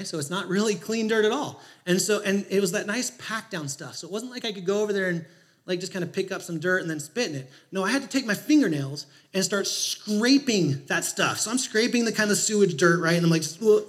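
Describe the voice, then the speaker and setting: A man pastor preaching a sermon, telling a personal story in a conversational, animated way and acting out his own thoughts. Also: high-pitched.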